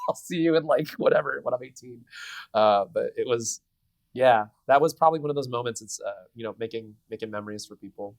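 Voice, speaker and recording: A man in his thirties, a voice actor giving a convention interview, telling stories in an animated way with many restarts. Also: mid-range voice, fast, dry recording. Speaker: voice actor guest. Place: convention venue.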